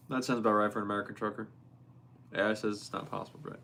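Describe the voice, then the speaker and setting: A young man hosting a casual livestream, reading viewer messages aloud and reacting to them in a quick, playful way. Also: on the low side, fairly even intonation, a bit bright. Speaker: livestream host. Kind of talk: casual live-stream chat.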